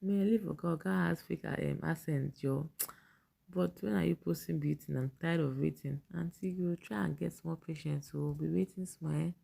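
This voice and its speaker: Low, gravelly Nigerian woman chatting. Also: normal speed, dark tone. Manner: chatty, laughs often, mixes in pidgin. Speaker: vlogger. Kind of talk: casual commentary reading fan posts.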